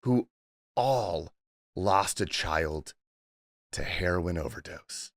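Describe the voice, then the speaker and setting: A man voicing an older Italian Catholic aunt from New Jersey, with a thick New Jersey accent and a slow, heavy delivery. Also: low-pitched, lively intonation, a bit bright, no room sound, clean studio sound, pitched below the performer's own voice, heavily acted. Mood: grave, matter-of-fact.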